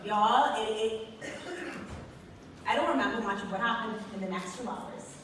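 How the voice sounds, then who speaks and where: A woman's voice: mid-range voice, moderate pace. A young woman from the Bahamas, telling a personal story on stage and speaking directly to the audience. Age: young adult. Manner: expressive storyteller who talks to the audience. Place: large hall with an audience. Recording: echoey hall from far off, with background noise.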